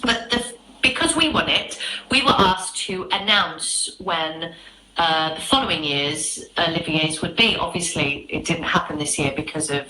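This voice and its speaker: A woman who is a stage actress, chatting casually as a guest and telling animated stories with frequent laughter. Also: sits low, unhurried, echoey room, a little hiss or hum, poor audio. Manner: animated storyteller, laughs often. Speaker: West End actress, guest. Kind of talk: casual chat.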